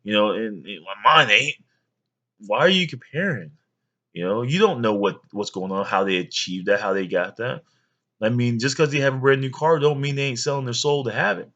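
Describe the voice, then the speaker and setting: A man's voice: medium pitch, a little fast, bright, forceful tone, muffled recording. A man in his thirties, a father rambling through a childhood story for his young sons, with many fillers. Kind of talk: storytelling home video.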